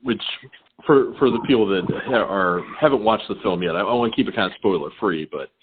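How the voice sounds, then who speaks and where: A man's voice: on the low side, fairly quick, background noise. A man with a Southern American accent interviewing a guest, asking long, rambling questions with frequent restarts. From southern United States. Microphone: phone call. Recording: tinny phone line.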